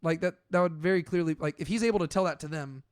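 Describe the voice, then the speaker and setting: Young male co-host, higher voice, chatty and animated in a casual scripture discussion. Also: fast, clean tone. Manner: conversational, uses many "like"s, animated when paraphrasing. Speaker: podcast co-host. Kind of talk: casual Bible study discussion.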